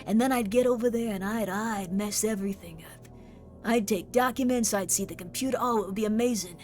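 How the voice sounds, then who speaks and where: A woman streamer chatting excitedly with her viewers and reading their messages aloud. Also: medium pitch, a little fast, soft background music. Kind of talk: live stream chat.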